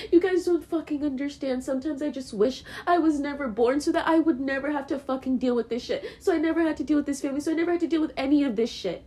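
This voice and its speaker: A young woman speaks on her own podcast in a high, light voice. She vents openly and profanely, repeating herself as she pours out her frustration. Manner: raw, profane, repetitive venting. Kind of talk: emotional podcast monologue.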